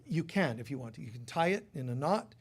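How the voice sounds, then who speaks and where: A man's voice: mid-range voice, lively intonation, fairly quick, slightly rough. A man leading a church service, giving rambling, chatty announcements with many fillers to a congregation.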